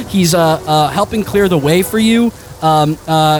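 A man's voice: on the high side, a little slow, hardly any pauses, music in the background. Man narrating a crude tabletop game. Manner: rambling with many fillers, crude and laughing. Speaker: game master.

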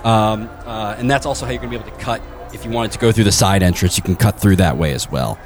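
A man's voice: fairly low pitch, quick pace, soft background music. A man running a tabletop game as game master, rambling with many fillers and crude asides.

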